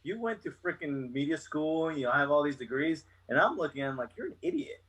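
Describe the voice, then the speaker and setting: Give me a husky man in his fifties, fairly high-pitched, ranting bluntly and cursing as a podcast guest. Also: fast talker, fairly bright tone, poor audio. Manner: blunt, heavy swearing, fired-up rant. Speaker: guest, retired Army chief warrant officer. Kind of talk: casual podcast chat.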